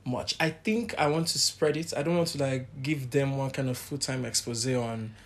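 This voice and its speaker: Male co-host, candid, mid-pitched, casual faith chat. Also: moderate pace. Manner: candid, animated when quoting others. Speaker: podcast co-host.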